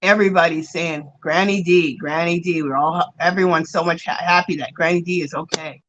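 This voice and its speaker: A woman with a fairly low voice hosts a casual craft stream, speaking a little fast in a recording with the highs cut off. She works on yarn while reading comments aloud and warmly greeting viewers by name, chatty and full of gushing exclamations.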